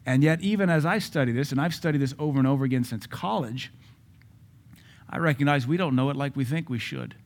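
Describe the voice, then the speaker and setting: A male pastor delivers a sermon at a church service with an emphatic, driving delivery. He hammers his points home by repeating key words and phrases. His voice sits at an ordinary middle pitch for a man. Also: brisk.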